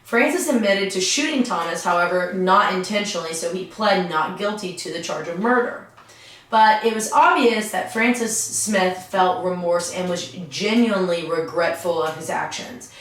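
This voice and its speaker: A woman's voice: on the low side, moderate pace, a bit bright. A woman, co-hosting a podcast and telling a true-crime story in a chatty, joking way. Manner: chatty, jokey, breaks into silly quoted voices. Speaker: podcast co-host. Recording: echoey room.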